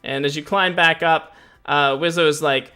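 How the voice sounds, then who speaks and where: A man running a tabletop game as game master, narrating in a relaxed, hesitant way full of filler words. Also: on the high side, normal speed, clear, resonant tone. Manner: relaxed, hesitant, lots of uhs and laughs.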